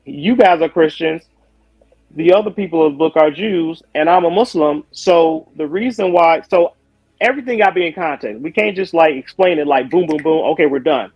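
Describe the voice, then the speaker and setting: A man taking part in a casual spoken debate over a video call, talking in loose asides and quick self-corrections. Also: fairly high pitch, dry recording, lo-fi sound. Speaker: Muslim guest in a debate.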